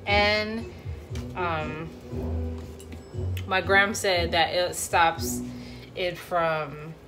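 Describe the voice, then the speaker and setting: A woman's voice: on the low side, fairly even intonation, very slow, over music. A woman hosting a cooking video, chatting casually with playful slang and joking asides. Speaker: cooking vlogger. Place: home kitchen. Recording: frying sizzle in background.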